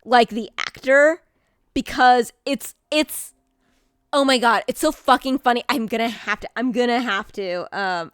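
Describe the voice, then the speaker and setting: Excitable streamer woman, dry close sound. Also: a little high, clean tone, dry recording. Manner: rambling, excited, swears, answers chat. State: hiccuping. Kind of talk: casual live-stream chat.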